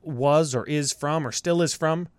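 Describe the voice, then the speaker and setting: A man's voice: on the high side, measured pace, smooth, no room sound. A man co-hosting a podcast, reading out supporter names in crude, joking banter. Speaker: podcast co-host. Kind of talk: casual podcast chat.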